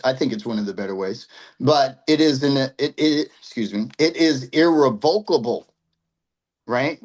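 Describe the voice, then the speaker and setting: A man's voice: medium pitch, low-quality recording. A man teaching an informal class, talking in a loose conversational way and often checking in with "right?" as he explains. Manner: restarts and repeats himself while explaining. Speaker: instructor.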